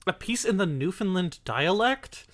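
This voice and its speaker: A woman chatting casually as a stream co-commentator, animated and jokey, swearing freely. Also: lowish voice, unhurried, crowd noise. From grew up in a Spanish-speaking household. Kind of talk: casual chat. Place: lives in Toronto.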